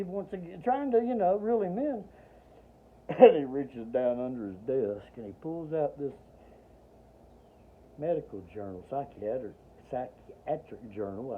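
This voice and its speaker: A man spins a rambling personal story with dry humor, acting out each voice he quotes. His pitch swings widely as he talks. The sound is thin and tinny, like a phone line. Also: lively intonation, normal speed. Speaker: Army veteran telling a personal story. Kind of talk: casual spoken storytelling.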